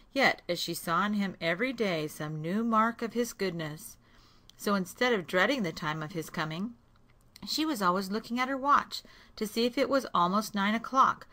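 A woman narrating a fairy tale aloud in a slow, clear reading voice. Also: lowish voice, pushed and bright.

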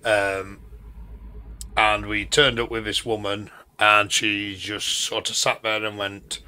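Chatty Yorkshire man, low bright voice. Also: little pitch movement, takes it slowly, smooth. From Yorkshire, England. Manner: rambling, chatty storyteller. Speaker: gaming channel host. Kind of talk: casual driving-game commentary.

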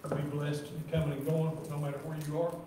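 A man preaching a sermon in church, reading scripture slowly and repeating words as he talks. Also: a little high, flat delivery. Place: church sanctuary. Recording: roomy echo from far off, faint noise.

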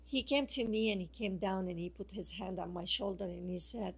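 A woman guest speaking by phone on a radio show, telling a personal story slowly and haltingly, with many fillers and restarts. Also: medium pitch, vocal fry, husky. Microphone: phone line.

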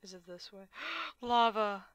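A woman's voice: mid-range voice, a little slow, bright, forceful tone, dry recording. A young adult woman streaming a game, chatting casually, teasing and laughing often and swearing playfully. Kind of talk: casual gaming chat.

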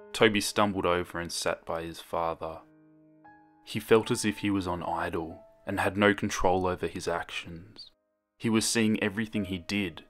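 A young man with a low voice reads a horror story aloud in calm, measured narration, recorded as a voice-over.

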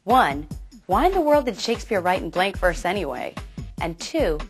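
A woman's voice: medium pitch, sing-song, moderate pace, soft background music. A woman giving scripted educational narration, breaking ideas down step by step.

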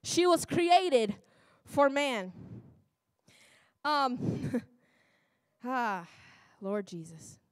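A woman's voice: sits high, sing-song, drawn-out words, long pauses, clear, resonant tone, dry recording. A woman preacher delivering a sermon in a church, often laughing, breaking off and exclaiming to herself. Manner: laughing, self-interrupting, exclamatory.

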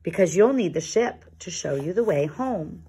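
A woman voicing a small, eager male puffin in a children's storybook, lifting her voice high and bright. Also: animated, moderate pace, slightly rough, heavily acted. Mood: cheerful.

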